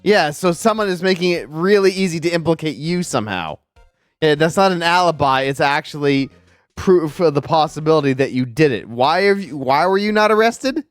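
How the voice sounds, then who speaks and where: A man's voice: fairly high pitch, lively intonation, moderate pace, no room sound, soft background music. A man streaming a video game, casually joking and reacting aloud. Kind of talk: game let's play commentary.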